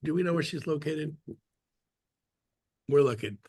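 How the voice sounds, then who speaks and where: A man's voice: fairly high pitch, measured pace, warm tone, husky. A middle-aged man talking casually to a real estate team, telling stories and joking as he acts out quotes. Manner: chatty storyteller, jokey, acts out quotes. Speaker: guest speaker at a real estate team meeting. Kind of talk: casual talk on a video call.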